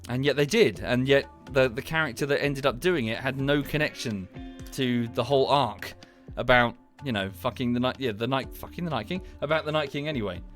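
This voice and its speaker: A man talks into a desk mic at home during a livestream, with faint music playing behind him. He rambles at a mid pitch, swears freely, and keeps trailing off and restarting his sentences. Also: a little fast, hardly any pauses. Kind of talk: casual livestream rant. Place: home streaming setup.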